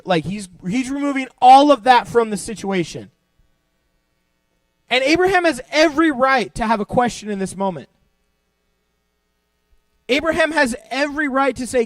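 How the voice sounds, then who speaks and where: A young male youth pastor with a fairly high voice preaches in a loose, joking way, acting out quotes as he tells his stories. The sound is dry and close, with little room around it. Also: expressive, moderate pace, long pauses, dry recording. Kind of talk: youth sermon. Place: church youth service hall.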